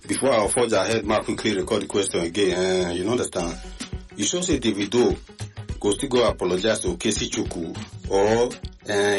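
Lively Nigerian Pidgin radio host, man. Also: fairly low pitch. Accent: Nigerian Pidgin English. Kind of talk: call-in radio gossip talk.

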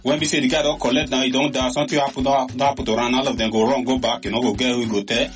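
A man with a Nigerian Pidgin accent, hosting a show and giving animated, casual commentary full of exclamations. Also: medium pitch, racing, soft background music. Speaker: radio or online show host.

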